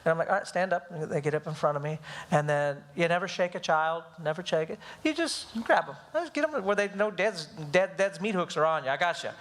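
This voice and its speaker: A man teaching a parenting class at a church, telling lively stories about raising his kids and acting out their voices. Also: a little high, a little fast. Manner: animated storytelling, acts out voices of his kids. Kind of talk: live church class talk.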